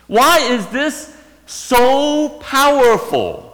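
A man's voice: very high voice, very animated, very slow, a bit bright, long reverb tail, rough recording. A man preaching a sermon, retelling a story and asking rhetorical questions.

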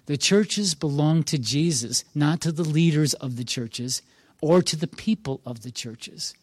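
Male pastor, earnest encouraging sermon, emphatic repetitions, slightly high voice, dry close sound. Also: measured pace, no echo.

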